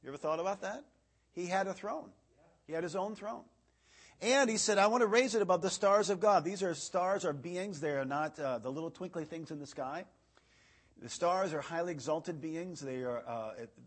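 A man's voice: a little high, breathy edge. A man preaching a casual, filler-filled sermon, reading scripture aloud with rising emphasis. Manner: chatty, filler-heavy, rises loud when reading verses. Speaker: evangelist preacher.

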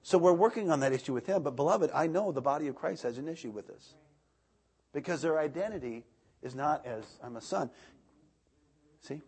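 A man in his thirties preaching a sermon, animated, swinging between loud outbursts and soft asides. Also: fairly high pitch, fairly quick, long pauses, slightly rough.

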